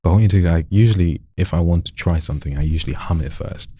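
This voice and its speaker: Animated deep-voiced coach. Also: male voice, fast, slightly rough, no room sound. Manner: animated, demonstrative, swooping up and down. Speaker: voice acting coach. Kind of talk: casual coaching session.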